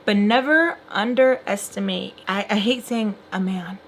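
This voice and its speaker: A young woman telling a long story in a casual, animated way while doing her makeup, filling her talk with "like". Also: mid-range voice, unhurried, a little hiss or hum. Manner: chatty, animated retelling with filler "like".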